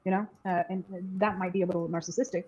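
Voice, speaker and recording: A woman's voice: on the low side, steady tone, fast, darkish tone, dull audio. A woman interviewing a guest over a video call, hesitant and playful, often restarting her sentences.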